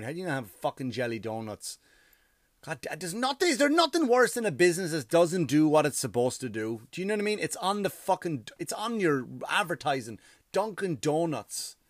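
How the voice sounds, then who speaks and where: A man's voice: a little high, no echo, clean studio sound. A tired man, a comedian, telling a story in a casual, profane, ranting monologue.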